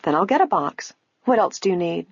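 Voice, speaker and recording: A woman reading an audiobook, voicing a kind, brisk young female detective who talks reassuringly. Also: lowish voice, big pitch swings, breathy edge, dry recording, exaggerated voice. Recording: dull, lo-fi, dry.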